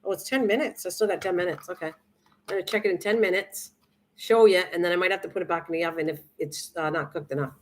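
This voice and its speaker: A woman's voice: lowish voice, steady tone, quick pace. A middle-aged woman chatting casually with viewers during a cooking live stream, rambling with many restarts and fillers.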